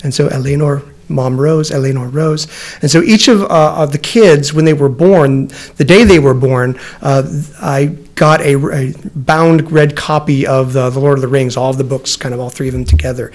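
A man's voice: medium pitch, steady tone, normal speed, darkish tone. A man in his forties giving a personal talk as a professor, rambling and restarting often, growing emotional as he speaks. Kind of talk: lecture with personal stories. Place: lecture room.

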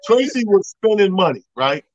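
A man's voice: high voice, big pitch swings, moderate pace, no room sound, dull audio. A man telling a comic story in casual chat, acting out the people in it and laughing as he goes. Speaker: podcast co-host.

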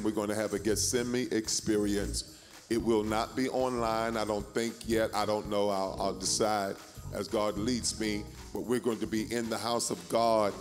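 A man's voice: on the low side, long reverb tail. A man preaching and giving announcements as pastor, repeating phrases to urge his congregation on. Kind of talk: sermon and church announcements. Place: church sanctuary.

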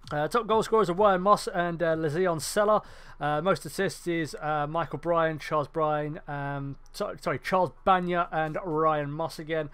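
A man's voice: fairly high pitch, clear, resonant tone. A young man giving casual, rambling commentary on a football management game, often correcting himself and cracking jokes. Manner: chatty, rambling, self-correcting, jokey. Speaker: gaming YouTuber.

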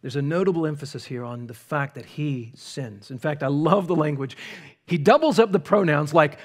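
Emphatic male preacher, somewhat high voice. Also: sing-song. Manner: emphatic, dramatic pauses and rising intensity. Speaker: pastor. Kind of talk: sermon. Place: church sanctuary.

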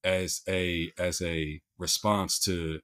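A man's voice: low voice, flat delivery, takes it slowly, fairly bright tone. A male podcast host with a Philadelphia accent, chatting casually and restarting his sentences often with repeated words.

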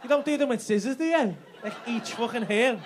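A man's voice: very high voice, fairly quick, noisy background. A man doing brash, sweary stand-up crowd work in a comedy club. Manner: brash, sweary banter with the audience. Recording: live club with loud crowd laughter.

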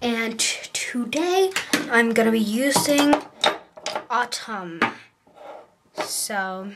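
Heavy background noise surrounds this young woman's very slow, lively speech as she vlogs from a parked car. Her voice runs on the high side, and she gushes and rambles casually into a compact camera held in her hand.

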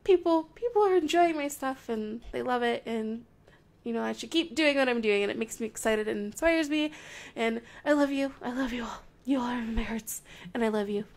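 A young woman with a high, light voice talks through her game in casual commentary. She is bubbly and playful, gushing warmly, and jumps between excited squeals and soft, murmured asides. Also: brisk. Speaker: Minecraft video creator.

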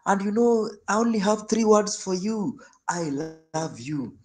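A man's voice: high-pitched, lively intonation, measured pace, pitched above the performer's own voice. A man voicing a drunken husband who pleads in a sing-song, coaxing way at a locked door.

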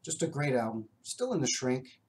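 A man's voice: mid-range voice, very animated, normal speed, slight background noise. A man who collects records, casually and enthusiastically showing off his finds in a rambling way. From Canada. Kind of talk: casual show-and-tell.

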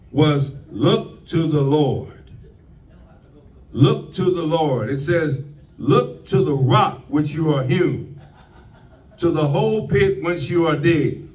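A man preaching a sermon, slow and deliberate, leaning on repeated phrases. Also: a little high, lively intonation, darkish tone, far from the mic, rough recording. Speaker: pastor.

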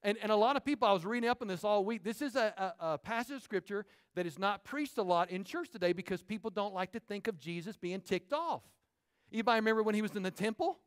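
High-voiced preaching man. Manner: animated preaching, quick asides to the congregation. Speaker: pastor. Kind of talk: sermon. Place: church sanctuary.

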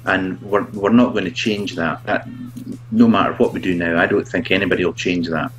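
A man who reviews products, chatting as a guest in a halting, self-mocking way and laughing often. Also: deep voice, steady tone, soft background music, poor audio. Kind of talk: casual video chat.

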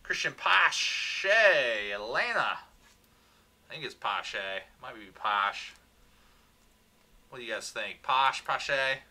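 Bright-voiced man hosting a card break. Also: medium pitch, expressive, takes it slowly. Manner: upbeat, rattles off player names, chats with viewers. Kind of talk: livestreamed card box break.

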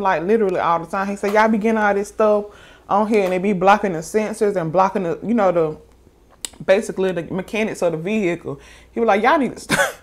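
Female mukbang vlogger, chatty storytime delivery, lively quoting. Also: mid-range voice. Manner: chatty and animated, quoting others in raised voice. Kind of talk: casual storytime to viewers.

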